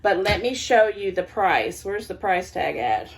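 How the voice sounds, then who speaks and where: A woman's voice: medium pitch, animated, a little slow, slight background noise. An older woman, a grandmother, chatting casually on camera at home about her thrift finds, laughing often and stopping to handle the items. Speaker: thrift haul vlogger. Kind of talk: casual haul video chat.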